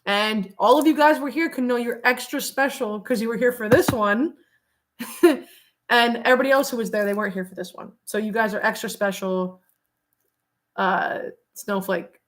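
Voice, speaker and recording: A woman's voice: a little high, fairly even intonation, moderate pace. A young woman chatting casually on a livestream, rambling with lots of fillers and frequent laughter. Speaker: streamer. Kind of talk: casual livestream chat with viewers.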